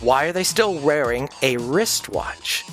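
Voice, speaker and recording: A man's voice: fairly high pitch, expressive, a little slow, a bit bright, faint music behind. A man streaming a game, ranting in a profane, casual way and acting out the people he quotes. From Canada. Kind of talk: casual rant while gaming.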